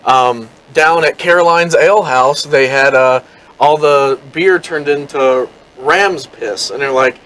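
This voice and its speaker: A man's voice: medium pitch, slow pace, a bit bright, low-quality recording. A man co-hosting a podcast, recounting a tabletop game he ran in a rambling way. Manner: rambling, with many fillers while recounting. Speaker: podcast co-host and game master. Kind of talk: casual chat, storytelling.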